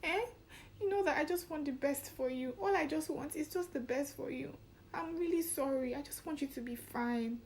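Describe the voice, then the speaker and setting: A woman's voice: very high-pitched, expressive, takes it slowly, pauses often, a little hiss or hum, pitched above the performer's own voice, exaggerated voice. A woman voicing a tearful, apologetic mother, pleading through repeated apologies.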